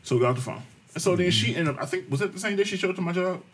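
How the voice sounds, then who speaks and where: A man telling a profane, animated story in casual chat, acting out the people he quotes. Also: high-pitched, very fast.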